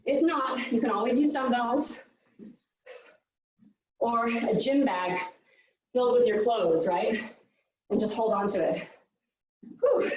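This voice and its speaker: A woman's voice: a little high, unhurried, long pauses, a little mellow, very echoey, distant mic, dull audio. A woman fitness coach leading a live workout, out of breath, upbeat and counting down the reps.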